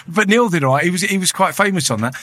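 A man's voice: sits high, bright, forceful tone. A man hosting a podcast, chatting casually and joking at his own expense. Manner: jokey, chatty, self-mocking. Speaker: podcast host. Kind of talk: casual chat. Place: health retreat.

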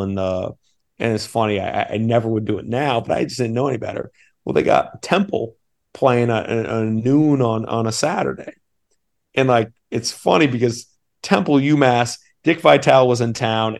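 A man's voice: fairly low pitch, vocal fry. A man in his thirties from Maine, an assistant basketball coach telling an eager, rambling story on a podcast. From Maine, USA. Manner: eager, rambling, many restarts.

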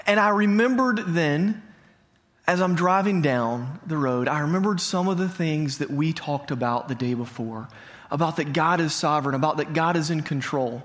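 A man's voice: fairly high pitch, lively intonation, a little fast, fairly bright tone. A man in his thirties, a pastor, preaching to a congregation in a conversational way, telling a personal story and asking the audience questions. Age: 30s. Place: church hall before a congregation.

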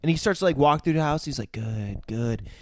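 Animated man retelling a movie, swearing freely. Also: on the high side, fairly quick, no room sound. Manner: animated, swears freely, acts out scenes with sudden loud bursts. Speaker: podcast co-host. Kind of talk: casual chat, retelling a movie.

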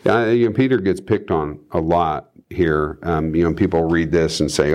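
A man's voice: low voice, normal speed, hardly any pauses. A man reading Bible passages aloud and breaking in with casual comments, co-hosting a discussion. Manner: reads scripture aloud, then adds asides. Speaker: Bible study co-host.

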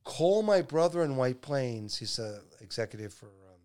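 A man in his fifties spins a rambling family story in relaxed conversation. His voice sits in an ordinary middle register. He slips into a quiet murmur when the story turns sad. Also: medium pitch, moderate pace, smooth. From New York. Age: 50s. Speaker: guest storyteller. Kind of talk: casual chat.

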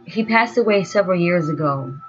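Woman, story narrator, slow and dreamy, somewhat low voice, muffled lo-fi sound. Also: expressive. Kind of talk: first-person story narration. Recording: dull lo-fi sound with faint music.

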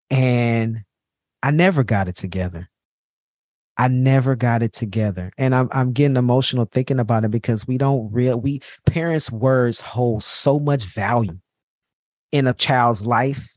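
A man's voice: medium pitch, measured pace, no room sound, clean studio sound. A man hosting his own podcast, telling a personal story in a candid, heartfelt way and repeating words for emphasis. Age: adult parent. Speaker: podcast host.

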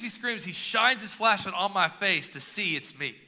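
Bright-voiced preacher in a reverberant hall. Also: male voice, high-pitched, animated, moderate pace, hardly any pauses. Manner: preaching with emphatic rising and dropping delivery. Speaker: pastor. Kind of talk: sermon. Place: church sanctuary. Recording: long reverb of a church hall.

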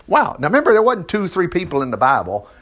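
A man teaching from the Bible in a folksy, animated way, reading verses aloud and adding asides. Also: sits high, fast. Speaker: preacher.

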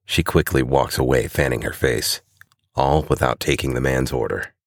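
Very deep-voiced male storyteller. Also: normal speed, gravelly, dry recording, studio quality. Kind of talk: scripted narration.

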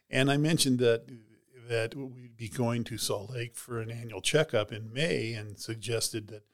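Low-voiced man telling a story. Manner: rambling anecdotal retelling with many "you know"s and "she goes". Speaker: interview guest, heart transplant recipient. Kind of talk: casual storytelling interview.

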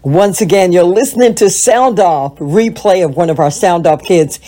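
A woman's voice: on the low side, moderate pace, warm tone. A woman hosting a radio show with kids, playful and teasing, laughing often.

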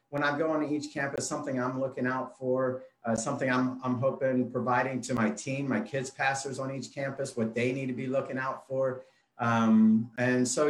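Man, forties, kids pastor, casual interview guest, laid-back, filler-heavy, mid-pitched voice, echoey room. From Phoenix, Arizona. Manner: easygoing, frequent "uh" fillers.

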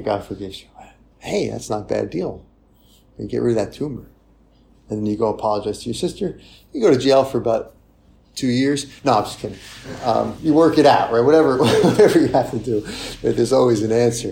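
A man delivers a conversational sermon, frequently checking in with "right?" and slipping into a softer voice to act out confessions. His voice sits in the mid range and has a creaky quality.

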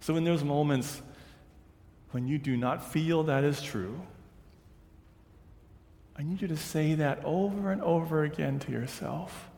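A man, a pastor, preaching a sermon with slow, emphatic repetition. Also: a little high, gravelly, darkish tone. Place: church sanctuary. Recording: church hall reverb.

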